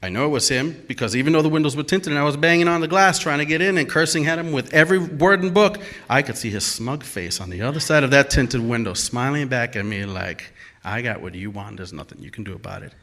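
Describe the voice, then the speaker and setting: Bright-voiced man telling a story on stage. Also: on the high side, fast, hardly any pauses. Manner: animated, emphatic, acts out quoted dialogue. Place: stage at a live storytelling event.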